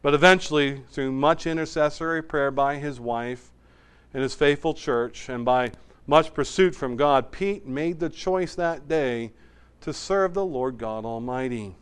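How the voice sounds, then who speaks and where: A man preaching a sermon as pastor, swinging between emphatic raised passages and quiet, hushed asides. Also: medium pitch, a little slow, clear, resonant tone.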